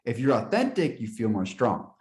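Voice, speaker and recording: A man's voice: mid-range voice, big pitch swings, normal speed, darkish tone. A man hosting an interview, who sums up what his guest says and turns it back into questions. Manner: restates ideas as questions, brief affirmations. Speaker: interview host. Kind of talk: conversational interview.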